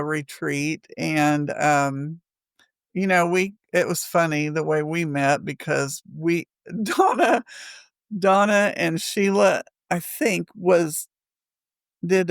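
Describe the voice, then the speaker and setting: Chatty, gravelly woman. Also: on the low side, slow pace, no room sound. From Missouri. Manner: chatty, rambling, laughs often. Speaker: podcast co-host. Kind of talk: casual storytelling chat.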